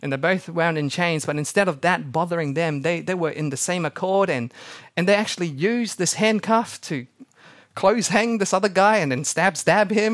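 A young male pastor preaching with a fairly high voice that keeps jumping in pitch as he acts out the voices of those he quotes. His delivery is lively and storytelling, sometimes rushing ahead and sometimes slowing right down. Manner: animated storytelling, acting out quotes. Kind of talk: sermon.

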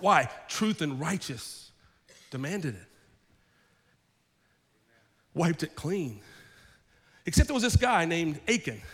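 High-voiced preaching man in a big hall. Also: a bit bright. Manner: storytelling, acting out the people he describes. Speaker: pastor. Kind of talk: sermon.

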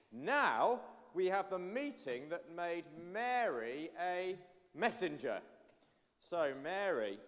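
Man preaching with lively pitch. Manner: animated storytelling, addressing children. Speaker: pastor. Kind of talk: all-age sermon with children. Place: church. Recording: long church reverb.

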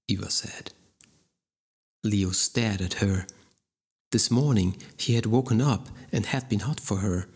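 Brief: measured male audiobook reader, slow, husky. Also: on the low side, steady tone, darkish tone. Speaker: audiobook narrator. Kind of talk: audiobook narration.

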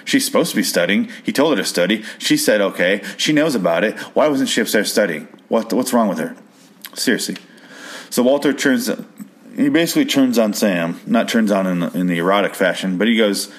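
A man's voice: lowish voice, expressive, moderate pace, husky. A man casually recapping a show's episode, profane and incredulous, prone to rambling rants.

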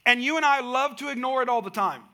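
A man preaching a sermon, telling a lively personal story and building to emphatic, rising points. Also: very high-pitched, fast. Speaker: pastor.

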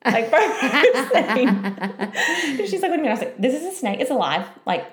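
A woman in her thirties chatting casually, telling a story with lively, acted-out quotes. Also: high voice, normal speed. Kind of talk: casual chat, animated storytelling. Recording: echoey room.

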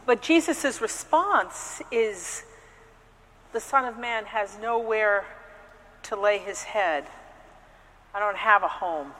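A woman's voice: mid-range voice, animated, slow pace, long pauses, fairly bright tone, big-room sound, slight background noise, poor audio. A woman priest giving a conversational sermon, telling personal stories with frequent restarts and hesitations. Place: church.

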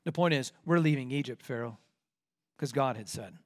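A man's voice: medium pitch, moderate pace, darkish tone. A man preaching an expository sermon verse by verse, talking in an earnest, emphatic way.

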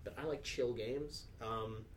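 A man's voice: mid-range voice, steady tone, slow pace, slight background noise. A man co-hosting a casual podcast chat, rambling and swearing freely, with lots of filler words. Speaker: podcast co-host.

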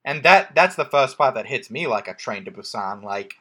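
A man chats casually through a movie recap, his pitch bouncing up and down as he jokes. He rambles, circles back with "um" and "anyway," and keeps restarting his sentences. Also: lively intonation, moderate pace, pushed and bright. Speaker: podcast co-host recapping a film. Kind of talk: casual chat.

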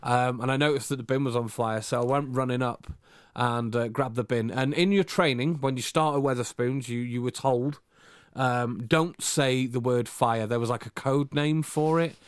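A young man co-hosting a chatty podcast rambles through a story with lots of restarts and self-mocking asides. His voice is smooth and resonant, and it sounds dry and close with no room echo. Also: medium pitch, normal speed, hardly any pauses. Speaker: podcast co-host. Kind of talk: casual storytelling chat.

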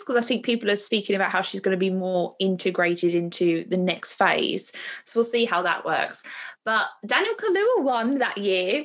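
A woman's voice: medium pitch, creaky, fairly bright tone. Chatty, enthusiastic woman co-host. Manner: chatty, enthusiastic, laughs often. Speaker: podcast co-host. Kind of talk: casual chat about films.

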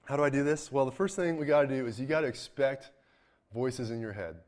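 A man preaching a sermon in a casual, energetic way, with sudden loud bursts when he acts out a story. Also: mid-range voice, a little fast. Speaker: pastor.

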